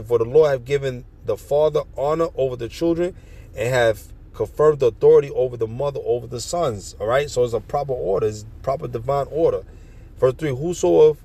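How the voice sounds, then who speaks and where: A man's voice: mid-range voice, creaky, dark tone. A man reading scripture verse by verse and explaining it in slangy, profane street talk. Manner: reads verses then riffs in slangy, profane commentary. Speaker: street preacher.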